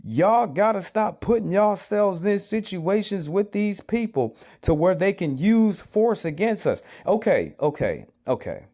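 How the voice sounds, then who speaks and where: Man from the US, high voice, urgent sermon-like commentary, hammers the same point over and over. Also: big pitch swings, measured pace, hardly any pauses, warm tone. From United States. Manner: urgent, lecturing, repeats himself. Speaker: commentator reacting to a clip. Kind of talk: preachy social commentary.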